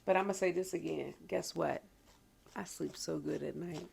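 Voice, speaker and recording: Young woman, heavy vocal fry, relaxed and giggly, casual podcast co-host. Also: sits low, moderate pace. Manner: laid-back, short agreeing replies, giggly. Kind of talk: casual chat.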